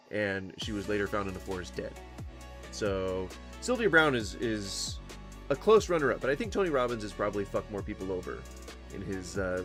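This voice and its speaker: A man's voice: on the low side, fairly bright tone. A man reacting to videos on his channel, ranting casually and swearing often between laughs. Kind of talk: casual profane commentary.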